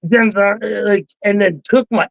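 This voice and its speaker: A man on a live online panel, telling a wild story in an excited, heavily profane way and acting out the quotes. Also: high voice, normal speed, gravelly, dry recording, low-quality recording. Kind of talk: casual storytelling.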